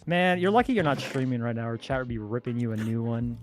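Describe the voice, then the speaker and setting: A man's voice: mid-range voice, lively intonation, fast, soft background music. A man streaming a block-building game and chatting casually with friends, teasing them and greeting his viewers. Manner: teasing, greets chat viewers between remarks. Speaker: Minecraft streamer and host. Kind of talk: casual gaming chat while streaming.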